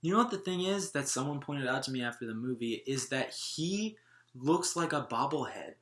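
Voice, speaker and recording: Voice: medium pitch, expressive, normal speed, fairly bright tone. A co-host of a movie review show, talking in a casual, chatty and opinionated way. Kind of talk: casual podcast chat. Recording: echoey room.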